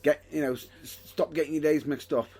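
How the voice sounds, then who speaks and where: A man's voice: on the high side, fairly even intonation, fairly quick, a little mellow. A man hosting a casual wrestling podcast, joking and rambling and correcting himself as he talks. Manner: jokey, rambling, self-correcting. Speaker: podcast host.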